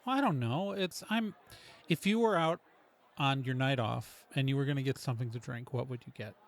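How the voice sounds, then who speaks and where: A man's voice: mid-range voice, a little fast. A man playing a tabletop game in character, asking suspicious, probing questions in a chatty way. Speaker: player. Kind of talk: in-character tabletop role-play.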